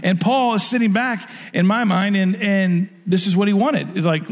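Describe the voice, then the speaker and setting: A pastor preaches in a casual, conversational way and slips into the voices of the people he quotes. His voice sits slightly high for a man. Long reverb hangs on every phrase, as in a large sanctuary. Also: moderate pace. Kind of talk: sermon.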